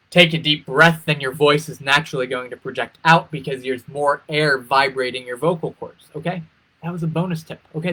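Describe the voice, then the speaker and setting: A man coaching pageant contestants on a live stream, energetic, repeating key phrases for emphasis and swooping his pitch to demonstrate emotions. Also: slightly rough, poor audio. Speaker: interview coach.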